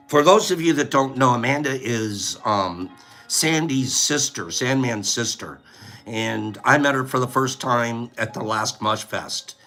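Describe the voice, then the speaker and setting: A man's voice: medium pitch, bright, forceful tone. A man hosting a casual livestream chat, playful and rambling, often breaking into laughter. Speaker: host.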